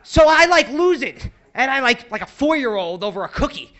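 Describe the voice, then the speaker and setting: A man's voice: very high voice, sing-song, moderate pace, pushed and bright, muffled recording. A male stand-up comedian on a club stage, ranting crudely and sarcastically through an exasperated set.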